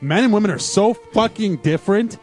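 A man's voice: sits high, lively intonation, a little fast, a little mellow, soft background music. A young man hosting a casual radio chat show, telling rambling, self-deprecating stories.

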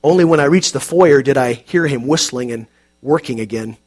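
A man calmly narrating an audiobook in a measured, quiet, reflective way. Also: mid-range voice.

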